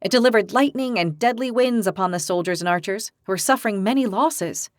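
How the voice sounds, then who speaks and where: A woman narrating a fantasy audiobook in a steady, measured reading. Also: mid-range voice, no echo, studio quality. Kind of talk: scripted narration.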